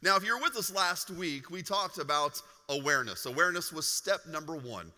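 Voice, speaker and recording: Man, pastor, sermon, very bright voice, echoing hall. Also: fairly high pitch. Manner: animated storytelling with humor. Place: large church hall.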